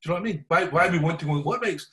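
A man's voice: a little high, very fast. Glaswegian man spinning a yarn. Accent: Glaswegian Scottish. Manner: animated yarn-spinning, keeps checking in with listeners. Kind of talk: casual storytelling chat.

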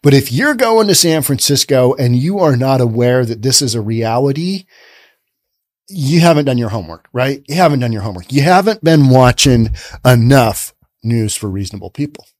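A man's voice: mid-range voice, expressive, normal speed, a little mellow, no echo, studio quality. A man hosting a podcast, commenting sarcastically on news stories he reads aloud, often repeating himself. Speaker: podcast host.

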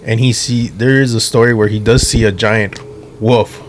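A man's voice: fairly low pitch, steady tone, normal speed, a little hiss or hum. A man co-hosting a podcast in casual chat, telling a story and asking questions, with some swearing. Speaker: podcast co-host.

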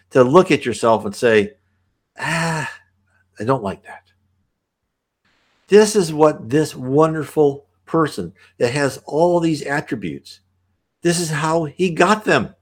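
A man reading aloud from an old spiritual book, breaking off to explain passages in a halting, animated way. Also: a little high. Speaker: reader and commentator.

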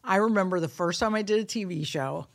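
Brisk and medium-pitched, a middle-aged woman comedian hosts a podcast, spinning casual, profane stories. She's animated, acting out the quotes as she goes.

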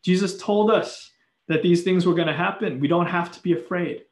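A man preaching a sermon, earnest and animated, with playful acted asides. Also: sits high, normal speed, roomy sound. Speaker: pastor.

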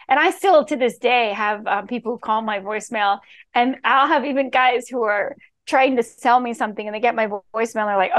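A middle-aged woman from Key West, a real estate executive telling stories in a bubbly, animated way as a podcast guest. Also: a little high, fairly quick. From Key West, Florida. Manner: bubbly, animated, acts out quoted voices. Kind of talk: casual storytelling interview.

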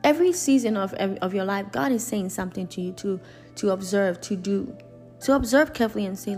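A woman's voice: medium pitch, lively intonation, brisk, a little mellow, faint music behind. A woman preaching a sermon in an earnest, emphatic way, repeating and restarting her phrases.

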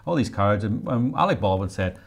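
A man co-hosting a casual podcast chat, telling stories in an animated way and mimicking the people he quotes. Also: lowish voice, brisk, vocal fry. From Ireland. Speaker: co-host, filmmaker.

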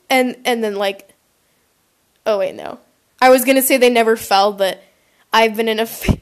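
High-voiced woman chatting animatedly. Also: fairly quick. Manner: animated, rambling, acts out quotes in silly voices. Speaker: podcast host. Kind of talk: casual chat reacting to listener confessions. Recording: poor quality mic.

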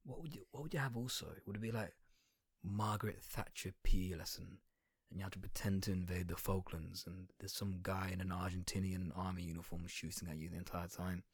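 Low, husky young guy ranting sarcastically. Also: flat delivery, a little fast, no echo, studio quality. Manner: sarcastic, crude, rambling, slangy. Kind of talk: satirical comedic rant.

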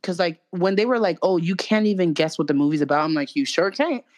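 A woman's voice: fairly low pitch, quick pace, darkish tone. A young woman, chatting casually and ranting with mocking, profane humor and quoted asides. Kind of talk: casual chat.

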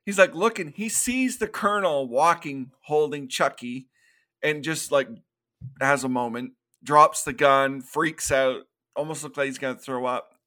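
A man with a bright, forceful voice co-hosts a casual podcast. He walks through film scenes and breaks into quick acted-out quotes, laughing often as he goes. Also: a little high. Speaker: podcast co-host. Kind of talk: casual movie recap chat.

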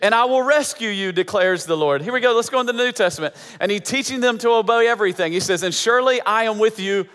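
Male pastor, high voice, emphatic repetitive sermon delivery, hall reverb. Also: quick pace, few pauses, fairly bright tone. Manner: emphatic, repeating phrases for effect.

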